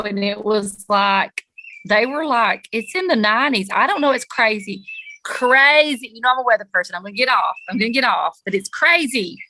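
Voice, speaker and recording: Bright Southern woman podcaster. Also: a little high, dry recording. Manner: chatty, self-mocking, rambling asides. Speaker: podcast co-host, school counselor. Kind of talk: casual chat. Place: outdoors on a porch.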